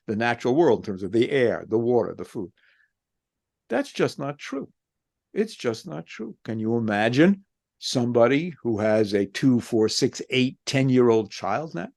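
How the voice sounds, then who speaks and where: The speaker is a man, a philosophy professor and author, whose medium-pitched voice is a little mellow. Answering an interview, he delivers a reflective monologue built on impassioned rhetorical questions.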